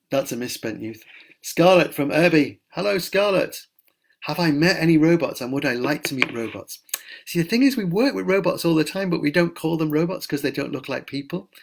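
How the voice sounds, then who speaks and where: A man's voice: medium pitch, gravelly. A middle-aged man, a children's author, chatting enthusiastically at home as he answers readers' questions on a live stream. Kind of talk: casual live Q&A. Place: at home during lockdown.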